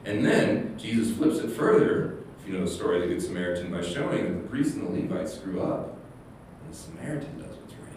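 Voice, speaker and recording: A man's voice: sits low, brisk. A man giving a casual sermon as pastor, telling stories with lots of restarts and playful quoted asides. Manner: rambling, animated storytelling with many restarts and quoted asides. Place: church sanctuary. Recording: echoey hall, distant mic, faint hum.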